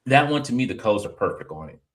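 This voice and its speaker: A man's voice: fairly low pitch, fast talker. A man hosting a casual podcast, telling stories with lots of "I was like" and reading viewer comments aloud. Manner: animated storyteller, reads chat comments aloud. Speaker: podcast host. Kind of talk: casual chat.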